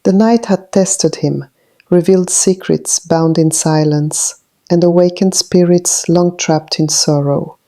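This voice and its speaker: A woman reading a haunting story as narrator in a solemn, measured way. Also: fairly low pitch, fairly even intonation, warm tone. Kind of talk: scripted narration.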